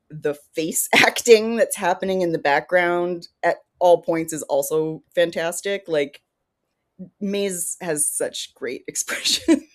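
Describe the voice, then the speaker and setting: Low-voiced woman co-hosting a podcast. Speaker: podcast co-host. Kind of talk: casual podcast chat.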